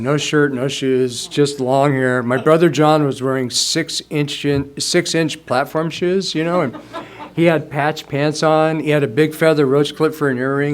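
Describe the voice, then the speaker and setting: A man in his sixties telling his own story at a recovery meeting, casual and rambling, chuckling as he goes. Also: on the high side. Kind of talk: personal storytelling testimony.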